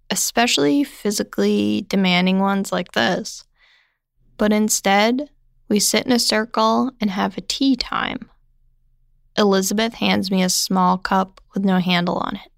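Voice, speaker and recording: A young woman narrating a scripted first-person story in a slow, reflective way. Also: mid-range voice, vocal fry, dry recording, studio quality.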